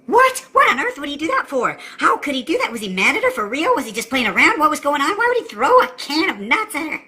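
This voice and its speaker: A woman's voice: high-pitched, sing-song, bright, forceful tone, pitched above the performer's own voice, heavily acted. A woman playing an indignant, nagging wife. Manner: rapid-fire questions, indignant. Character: nagging curious wife, middle-aged woman.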